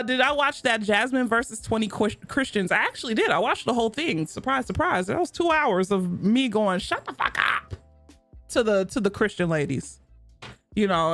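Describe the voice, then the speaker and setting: A woman's voice: medium pitch, no room sound. A young woman streaming a game, chatting casually in a blunt, profane way and laughing often.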